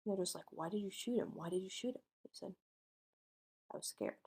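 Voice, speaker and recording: Quick and mid-range, her voice is a little mellow and slightly rough. As a podcast co-host, she recounts a true-crime case in a casual way, performing the dialogue in informal speech.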